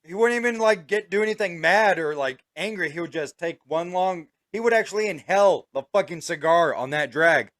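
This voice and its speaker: A man's voice: high-pitched, brisk, hardly any pauses, no echo. A man in casual chat, a father telling crude stories full of swearing. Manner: crude, animated storyteller. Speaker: podcast co-host, father.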